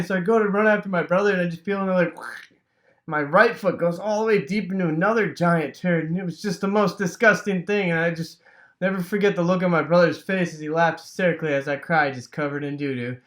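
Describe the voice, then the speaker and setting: A man from Wisconsin casually telling a rambling childhood story, full of fillers and sound effects like "boom.". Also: fairly even intonation, quick pace, a bit bright. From Wisconsin, USA.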